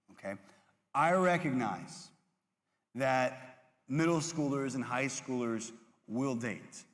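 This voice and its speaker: A young man preaching to middle schoolers as their youth pastor, animated and storytelling, who jumps into high voices for classmates. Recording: hall reverb.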